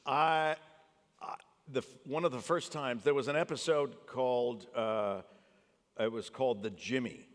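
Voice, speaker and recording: A man's voice: mid-range voice, measured pace. A man telling anecdotes about his acting work on stage before a live audience, acting out the people he quotes. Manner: animated anecdote teller, acts out quotes. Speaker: actor discussing his memoir. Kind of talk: storytelling on stage. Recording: long theater reverb.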